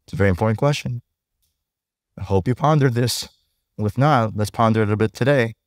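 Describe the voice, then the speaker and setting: A male pastor preaches a sermon conversationally in a brisk, mid-range voice, often checking in with the congregation by asking "right?". The recording is dry and of studio quality.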